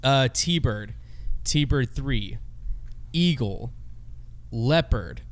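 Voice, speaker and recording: A man's voice: mid-range voice, expressive, extremely slow. A man co-hosting a podcast, talking casually with exclamations and laughs. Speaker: podcast co-host. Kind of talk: casual chat.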